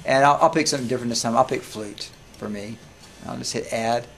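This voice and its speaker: A man demonstrates music notation software to a room of students, talking loosely and stopping to ask them questions. His voice sits at an ordinary middle pitch, with a faint hiss of noise behind it. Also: vocal fry. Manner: casual, halting, asks students questions. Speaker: music teacher. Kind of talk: live classroom software demo.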